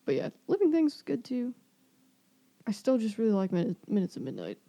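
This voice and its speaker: A woman's voice: a little high, very animated, brisk, dark tone. A woman co-hosting a podcast, chatting casually about music in an offhand, swearing, laughing way. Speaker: podcast co-host.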